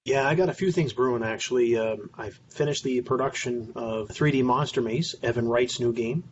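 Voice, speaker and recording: Relaxed guy co-hosting a podcast, mid voice, muffled with a little background hiss. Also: mid-range voice, moderate pace. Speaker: podcast co-host. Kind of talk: casual podcast chat.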